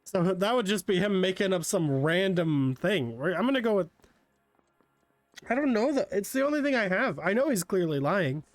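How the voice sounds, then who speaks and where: A male streamer with a slightly higher voice, chatty and joking as he reasons aloud through a detective game. His voice is close and dry, with no room sound. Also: animated, moderate pace, no room sound, faint music behind. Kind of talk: casual let's-play commentary.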